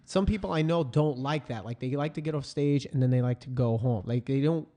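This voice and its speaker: A man hosting a casual chat, eager and jokey, with quick interjections. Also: medium pitch, mellow. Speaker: host.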